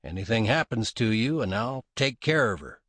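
A man's voice: fairly low pitch, very animated, normal speed, a bit bright, dry recording. Man doing a drawling, sly gunman. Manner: drawling, dry, cocky. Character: laconic sly frontier gunman, male adult.

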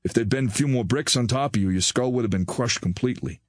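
A man voicing a kindly, soft-spoken older male doctor, his voice low and gentle. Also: fast talker, no echo, studio quality, lightly acted. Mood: grave, measured.

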